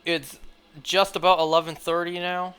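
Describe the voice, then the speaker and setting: His high-pitched voice is clean, pushed and bright, with flat delivery at a normal speed. This man is shiny hunting on a livestream, chatting casually to viewers in a rambling, filler-heavy way with lots of "like"s.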